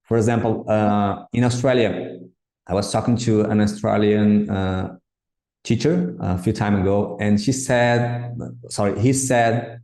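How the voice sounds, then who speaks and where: A man hosting a podcast interview, asking questions in a halting way and often repeating words. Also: fairly low pitch, fairly even intonation, warm tone. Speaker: podcast host. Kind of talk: casual interview. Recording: echoey room.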